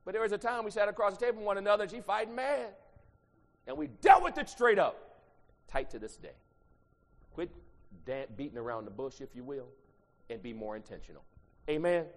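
A male pastor preaching a sermon, swinging from quiet asides to loud shouted lines. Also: sits high, lively intonation, brisk, pauses often. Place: church sanctuary. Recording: long church reverb.

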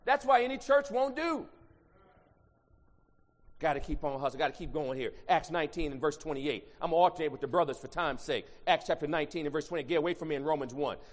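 A male pastor preaching a sermon, swinging from quiet asides to loud shouted lines. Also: on the high side, lively intonation, fast. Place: church sanctuary. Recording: long church reverb.

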